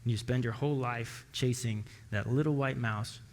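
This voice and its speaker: A man preaching a sermon as pastor, telling stories and acting out the dialogue with lively shifts of voice. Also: normal speed. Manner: storytelling, acting out dialogue with rising pitch. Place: church sanctuary. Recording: long church hall reverb.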